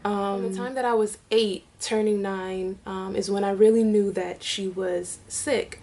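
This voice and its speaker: A woman's voice: mid-range voice, steady tone, darkish tone. Tearful woman telling a personal story. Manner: halting, many fillers and restarts. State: tearful, crying at times. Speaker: vlogger, mother.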